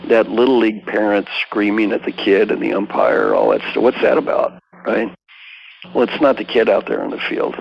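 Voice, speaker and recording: A man's voice: lowish voice, expressive, normal speed, vocal fry, highs cut off, a little hiss or hum. An older man, an executive coach as a guest, telling stories emphatically and acting out the people he quotes. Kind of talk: storytelling interview talk.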